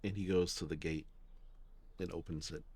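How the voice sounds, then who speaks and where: A man narrating a tabletop game as game master, unhurried and with fillers. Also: sits low, steady tone, darkish tone.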